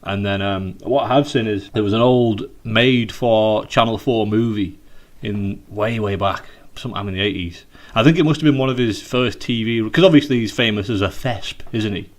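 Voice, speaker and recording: Brief: British man, low-pitched voice, loose and rambling, swears freely, stop-start delivery. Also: normal speed. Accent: British English. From United Kingdom. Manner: rambling, sweary, with many fillers and restarts. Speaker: podcast co-host. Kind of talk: casual chat. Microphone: video call.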